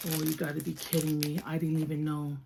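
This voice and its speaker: A woman chatting casually while unboxing toys, soft-spoken and gushing, often dropping to a whisper. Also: low voice, completely flat delivery, brisk, creaky, noisy background. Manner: gushing over each toy. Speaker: toy collector vlogger.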